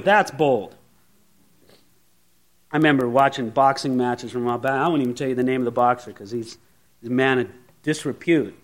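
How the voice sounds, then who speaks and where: A man with a fairly high voice preaches a sermon. He is animated and theatrical, swinging his delivery as he tells the story. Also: brisk. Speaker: pastor.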